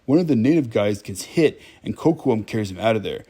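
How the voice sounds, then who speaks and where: A man's voice: on the low side, lively intonation, a little fast, mellow. A man giving a casual, wry movie recap, chatting directly to his viewers.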